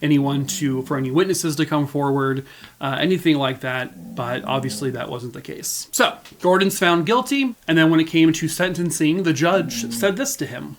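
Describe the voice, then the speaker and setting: An American man narrating true crime cases in a loose, conversational way. He wanders through his sentences with ums and self-corrections, his voice sitting slightly high for a man. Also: moderate pace. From United States. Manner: rambling, lots of fillers and restarts. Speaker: true crime video host. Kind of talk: casual true crime storytelling.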